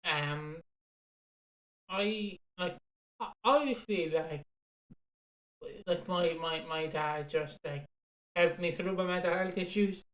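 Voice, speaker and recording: A man's voice: high-pitched, slow, pauses often. A man co-hosting a podcast, telling stories in a rambling way with many fillers and casual swearing. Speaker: podcast co-host. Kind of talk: casual chat. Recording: roomy echo.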